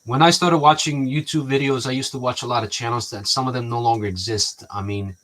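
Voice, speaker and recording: A man's voice: mid-range voice, steady tone, fairly quick, a bit bright. A man talking in a rambling, casual way to his viewers, often restarting sentences and acting out what people said to him. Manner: rambling, restarts often, acts out quoted exchanges. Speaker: vlogger.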